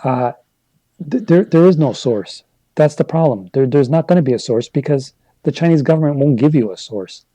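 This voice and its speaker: A man from Canada hosts a casual livestream, reading viewer comments aloud and drifting off into heated rants. His voice is dark and mellow, recorded close and dry with no room sound. He talks loosely, with restarts and fillers. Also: on the high side, lively intonation, normal speed, no room sound, low-quality recording. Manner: conversational, rambling, gets worked up into rants. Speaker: livestream host reading chat.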